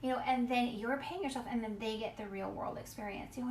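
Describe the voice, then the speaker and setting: Woman parenting coach, higher voice, chatty and emphatic, echoey room with faint background hum. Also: steady tone, fairly quick, few pauses, darkish tone. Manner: chatty, emphatic, greets viewers mid-talk. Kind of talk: casual live-stream talk.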